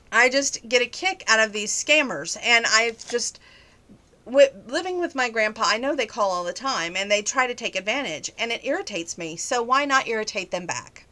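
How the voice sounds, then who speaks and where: A woman vlogger chatting casually to the camera, telling a story in an animated, sarcastic way. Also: fairly high pitch, moderate pace.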